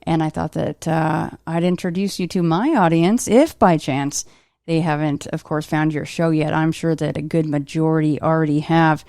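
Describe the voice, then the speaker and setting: A woman hosts a podcast in easygoing conversation, quick to poke fun at herself. Her voice sits very low for a woman. The sound is dry and close, with no room around it. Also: steady tone, a little mellow, dry recording. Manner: chatty, self-deprecating, laughs often. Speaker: podcast host. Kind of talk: casual interview chat.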